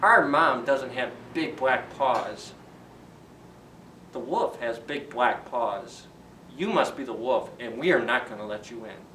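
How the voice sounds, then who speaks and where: A man voicing a bold little boy gosling who defiantly shouts through a door in a storybook tale. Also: mid-range voice, lively intonation, slow pace, a little hiss or hum. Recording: roomy echo, distant from the mic.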